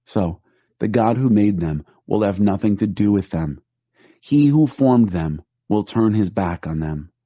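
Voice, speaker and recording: A man with a low, dark voice reads scripture aloud in a steady, measured way. The recording is dry and close, with no room sound. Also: no room sound.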